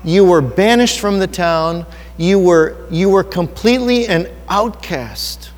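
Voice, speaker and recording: A man's voice: high-pitched, animated, slow. A man preaching a sermon in an earnest, personal, conversational way, asking his listeners rhetorical questions. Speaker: pastor. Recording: long hall reverb.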